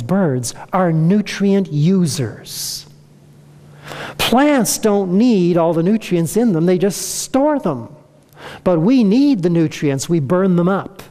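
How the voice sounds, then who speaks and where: Guy giving a health talk, throws questions at the crowd, warm tone, long hall reverb. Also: sits high. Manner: asks the audience rhetorical questions. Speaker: health lecturer. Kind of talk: health presentation to an audience.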